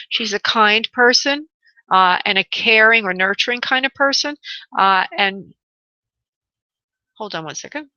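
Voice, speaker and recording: Bright-voiced woman psychic host. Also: mid-range voice, expressive, normal speed, no echo, highs cut off. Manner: soothing, calls caller honey and love. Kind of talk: live call-in psychic reading.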